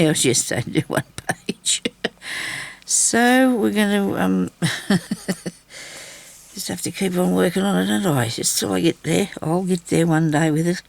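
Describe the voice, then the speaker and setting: A woman's voice: low-pitched, vocal fry, a little mellow. A woman chatting casually in her craft vlog, rambling and talking to herself as she sews close to the camera indoors at home. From Australia. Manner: rambling, chatty, talks to herself while sewing. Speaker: craft vlogger. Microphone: camera mic, very close.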